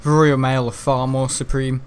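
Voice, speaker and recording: Here a man streams a game and talks loosely as he plays, wandering off topic, complaining, and laughing often. His medium-pitched voice is smooth, barely moves in pitch, and keeps a moderate speed.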